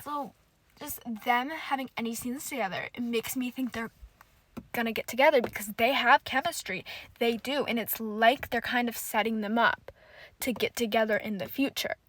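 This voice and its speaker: A woman's voice: a little high, moderate pace, fairly bright tone. A woman hosting a solo podcast, gushing emotionally and swearing often as she recaps a TV episode. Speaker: podcast host.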